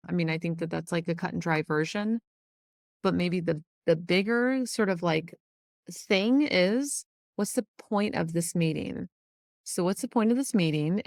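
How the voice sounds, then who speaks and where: Gravelly-voiced woman podcast host. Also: fairly low pitch, no room sound, clean studio sound. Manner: casual, thinking aloud, occasional swearing. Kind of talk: solo podcast teaching.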